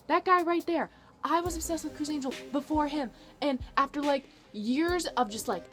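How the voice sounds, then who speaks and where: A woman in her twenties telling a story to camera as a vlogger, gushing and bubbly, repeating words for emphasis. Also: high voice. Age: 20s.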